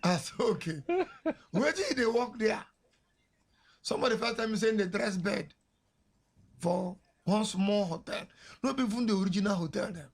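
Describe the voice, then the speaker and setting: A man's voice: high voice, normal speed, gravelly, breathy edge. A Nigerian man hosting a radio show, telling a story in a chatty way, mixing pidgin with English and laughing as he goes. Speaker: radio host. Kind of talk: casual storytelling on air. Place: radio studio. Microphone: studio mic.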